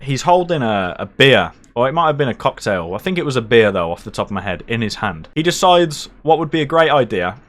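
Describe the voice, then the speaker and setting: A young man telling a night-out story casually, animated, swearing and poking fun at himself. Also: mid-range voice, fairly quick, hardly any pauses. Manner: animated, swearing, self-mocking.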